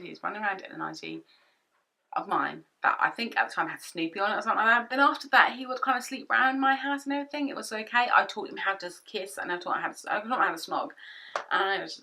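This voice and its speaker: A young woman chatting to camera from her home office, retelling a past relationship with animated quoted asides. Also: mid-range voice, vocal fry. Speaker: vlogger. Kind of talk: storytime vlog. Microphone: camera-mounted shotgun mic.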